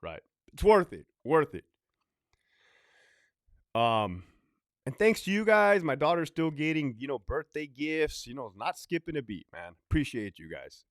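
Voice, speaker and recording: A man's voice: a little high, big pitch swings, measured pace, pauses often, no room sound, clean studio sound. A former prison officer telling stories in a casual monologue, blunt and profane, hammering his points by repeating them. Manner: blunt, profane, repetitive ranting.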